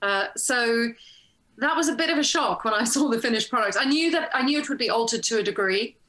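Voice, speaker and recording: A woman actress telling a casual story as an interview guest, animated and acting out the lines she quotes, over a video call. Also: on the high side, brisk. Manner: animated, laughs often, acts out quoted lines. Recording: roomy echo.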